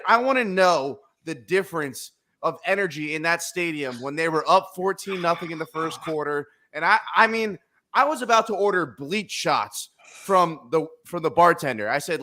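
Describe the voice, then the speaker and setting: A man hosting a casual sports talk show, talking with excitable, emphatic energy and repeating his points for effect. His voice sits a little high and sounds bright and tense. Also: normal speed. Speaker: podcast host.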